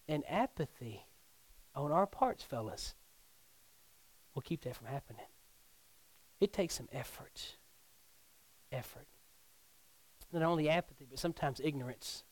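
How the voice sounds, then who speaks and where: Youth pastor preaching, middle-aged guy, kinda high voice, goes from hushed to hollering, dry sound. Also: no room sound. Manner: preaching with big swings from hushed to near-shouting. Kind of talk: sermon.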